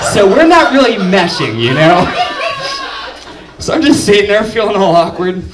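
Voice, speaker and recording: A young man doing stand-up comedy, telling his story mostly deadpan, then jumping up to shouted punchlines, with his pitch swinging widely. His voice sits on the higher side for a man. He is recorded from a distance in a roomy club, with audience laughter behind him. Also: noisy background.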